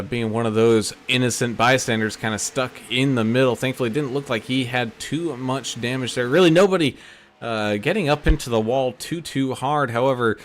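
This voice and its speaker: Folksy man calling a sim race. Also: mid-range voice. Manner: relaxed, folksy, frequent fillers. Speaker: race commentator. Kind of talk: play-by-play sim racing commentary.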